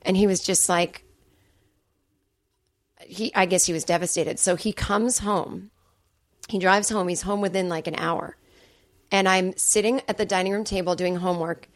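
A woman's voice: fairly low pitch, fairly even intonation, normal speed, pauses often, dry recording, clean studio sound. A middle-aged woman, a comedian guest on a podcast, telling a personal story candidly and swearing freely. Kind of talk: casual chat.

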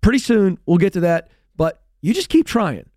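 A man voicing a cheerful but dismissive father who keeps putting things off, in a raised, bright tone. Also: high-pitched, very animated, moderate pace, dry recording, studio quality, voice pushed up. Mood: breezy. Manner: breezy, dismissive. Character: busy, brushing-off cheerful dad.

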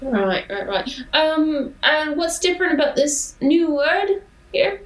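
A woman's voice: high voice, big pitch swings, takes it slowly, roomy sound, rough recording. A woman playing a tabletop game, speaking in character in a casual, hesitant, polite way. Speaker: player. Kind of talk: in-character role-play.

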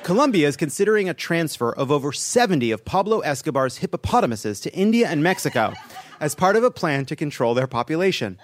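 High, lively sardonic man doing comedy news. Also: fast, a little hiss or hum. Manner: sardonic, swearing, laughing at own jokes. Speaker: podcast host.

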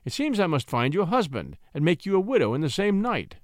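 A man voicing a sneering, booming French marquis. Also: very animated, quick pace, no echo, clean studio sound. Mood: sneering, menacing. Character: arrogant venomous old French nobleman.

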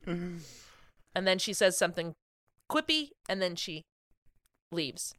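A woman co-hosting a podcast, chatting in an animated, jokey way. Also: fairly low pitch, slow pace, no room sound, clean studio sound. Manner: chatty, animated, laughs often. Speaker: podcast co-host. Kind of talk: casual comedic chat.

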